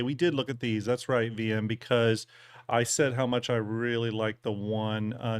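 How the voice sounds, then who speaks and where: A man with a Southern American accent rambles through a live stream, full of ums and folksy asides. His voice sits at a middle pitch. The sound is dry and close, with little room in it. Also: no room sound. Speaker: streamer and 3D ship designer. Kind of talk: casual live-stream talk.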